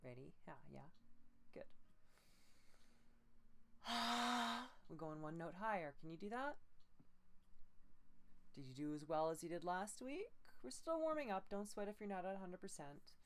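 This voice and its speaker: A woman voice coach with low energy, gently leading breathing and pitch exercises step by step. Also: lively intonation, a little hiss or hum. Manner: slow, gentle step-by-step instruction with breathy demo sounds. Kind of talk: guided voice training exercises.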